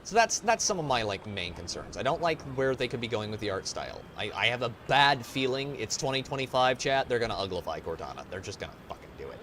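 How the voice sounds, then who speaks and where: A gaming streamer rants and swears through casual, profane commentary while he plays. His medium-pitched, fairly bright voice is very animated and brisk, with hardly any pauses, over a noisy background.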